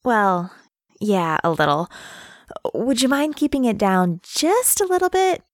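A woman's voice: medium pitch, big pitch swings, a little slow, no room sound, studio quality. An actress playing a young woman neighbor who talks in an easygoing, friendly, casual way. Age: young adult. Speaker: dorm neighbor.

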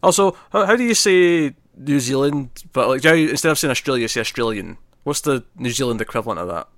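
A man's voice: medium pitch, animated, quick pace, a bit bright, no room sound, clean studio sound. A man co-hosting a casual movie review podcast, rambling and correcting himself, often laughing. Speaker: podcast co-host.

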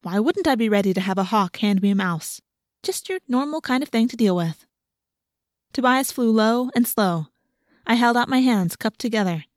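A woman's voice: on the high side, expressive, moderate pace, no room sound. Woman reading a story, dry close sound. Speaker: audiobook narrator. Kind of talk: scripted first-person narration.

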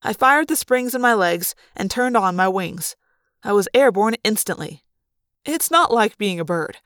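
A woman's voice: mid-range voice, normal speed, no echo, studio quality. Dramatic woman narrating an audiobook. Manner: lively, dramatic storytelling. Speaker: audiobook reader. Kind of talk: first-person audiobook narration.

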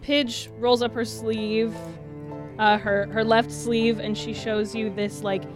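A woman's voice: a little high, flat delivery, slow pace, music in the background. A woman playing in a tabletop game, describing her character in a rambling, laughing way. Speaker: player. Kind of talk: tabletop role-play banter.

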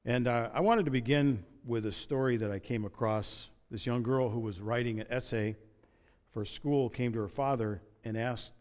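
A man in the middle of his pitch range gives a sermon in a conversational, joking way, breaking off for asides and restarting his sentences. His voice carries the long reverb of a church hall. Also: moderate pace. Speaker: pastor.

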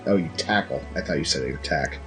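A man's voice: extremely low pitch, fast talker, a bit bright. A man narrating as game master in a loose, jokey way, with faint music behind. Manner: loose, jokey, restarts often.

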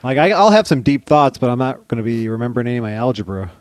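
A man with a mid-range voice, cracking deadpan and self-mocking jokes in a casual podcast chat. His voice is dry and close to the mic. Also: mid-range voice, fast talker, no echo. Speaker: podcast co-host.

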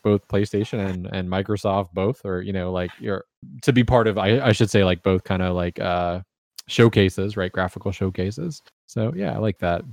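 A man with a fairly low voice hosts a casual podcast chat. He rambles loosely, thinking out loud as he goes, in a dry, close recording. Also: dry recording. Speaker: podcast host.

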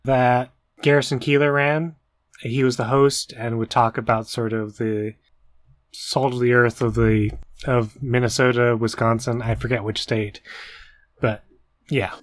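A man with a mid-range voice co-hosts a relaxed educational podcast and jokes about himself. The recording is dry and close, with no room sound. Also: mid-range voice, measured pace, no echo. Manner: self-deprecating, jokey. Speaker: podcast co-host. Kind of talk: casual educational chat.

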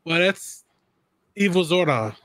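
A man co-hosting a casual podcast chat, excitable and quick to laugh. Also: high voice. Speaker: podcast co-host.

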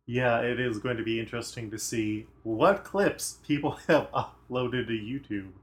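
Man, podcast co-host, casual movie chat, trivia, mid-pitched voice. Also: moderate pace. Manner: chatty, trivia-sharing, lots of agreeing murmurs.

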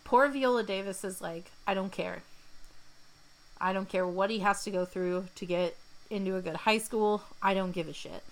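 A woman's voice: mid-range voice, moderate pace, low-quality recording. A young woman co-hosting a podcast, chatting casually as she recaps a film scene by scene. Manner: chatty, retells scenes in quoted voices. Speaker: podcast co-host. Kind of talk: casual movie recap chat.

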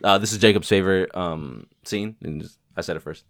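A man's voice: deep voice, a little fast. A young man co-hosting a casual chat about a film, rambling with many fillers and laughing often. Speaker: podcast co-host.

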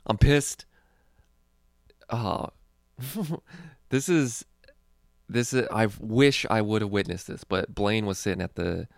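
A young man who does stand-up talks in a loose, rambling way, cursing freely as he goes. His voice sits low and has a gravelly fry to it. The sound is dry and close, with no room around it. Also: dry recording. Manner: rambling, profane, laid-back. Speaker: stand-up comedian. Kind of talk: casual chat.

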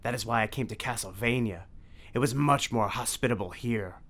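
A man's voice: medium pitch, brisk, a bit bright, close to an everyday voice. A man voicing a sneering, haughty male vampire count in a storybook reading, with a theatrical, imperious delivery. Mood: scornful.

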